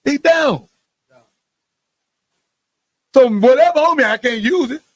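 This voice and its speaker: A man's voice: extremely high pitch, animated, slow, no room sound, clean studio sound. A man, a podcast guest, talking bluntly and indignantly in casual chat, often repeating himself. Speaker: guest telling of his police beating.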